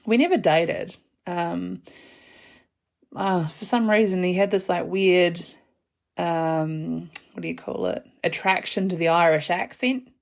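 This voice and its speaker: A New Zealand woman in her thirties rambles through a casual solo podcast chat. Her voice sits a little low for a woman, and she talks in a frank, slangy way, breaking into laughter often. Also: creaky. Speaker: podcast host.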